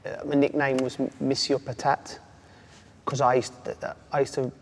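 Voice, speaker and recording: A man, a former footballer telling animated stories as an interview guest. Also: mid-range voice, moderate pace. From England. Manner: animated storyteller, does voices and laughs. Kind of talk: casual chat. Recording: long reverb, faint ambient noise.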